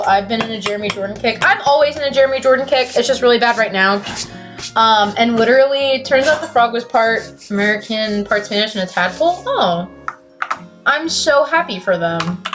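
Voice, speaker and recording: Profane, excitable young woman streamer. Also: fairly high pitch, brisk, music in the background. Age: late teens. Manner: profane, excitable, swings from loud to mumbled. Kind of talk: casual chat.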